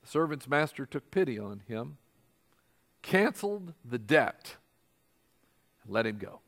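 A man preaching a sermon, reading scripture and acting out the quoted voices with big swings in pitch and loudness. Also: unhurried. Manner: animated, acts out quoted voices with big jumps in pitch and volume. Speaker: pastor.

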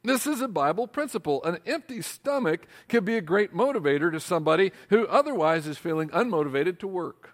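A male pastor preaching a sermon, asking his congregation rhetorical questions in an animated way. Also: high voice.

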